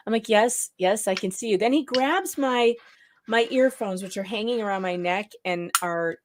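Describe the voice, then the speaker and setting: A woman co-hosting a casual live talk show, telling lively anecdotes and acting out what others said. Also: on the low side, moderate pace. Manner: animated storyteller, acts out quotes. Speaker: co-host. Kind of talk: casual chat.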